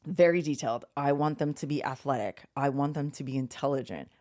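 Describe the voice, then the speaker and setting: A woman's voice: rumbling low, a little fast. A woman co-hosting a podcast, chatting casually and telling stories, acting out quotes and swearing freely. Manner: animated storyteller, swears freely, acts out quotes. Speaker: podcast co-host.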